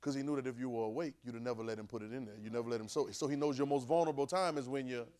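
Animated preacher man, soft then loud. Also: rapid-fire. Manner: call-and-response, keeps asking "right?"; swings from low murmur to sudden loud bursts. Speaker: preacher teaching a class. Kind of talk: conversational sermon.

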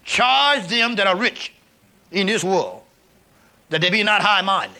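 Bright-voiced male preacher, high and ringing. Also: sing-song, a little slow. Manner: call-and-response preaching, reads scripture aloud, rising to shouts. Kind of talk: sermon. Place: church service with a congregation.

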